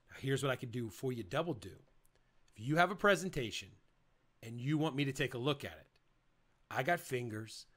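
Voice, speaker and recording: A man teaching project managers how to present, talking casually and energetically, switching between quick rambling and slow, emphatic lines. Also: medium pitch, pushed and bright. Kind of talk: casual motivational lesson.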